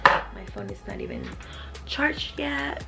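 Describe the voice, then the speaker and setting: Gravelly-voiced woman chatting in a vlog. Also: high-pitched, wildly swooping pitch, takes it slowly, over loud music. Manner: profane, chatty, thinking aloud. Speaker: vlogger. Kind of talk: casual vlog chat.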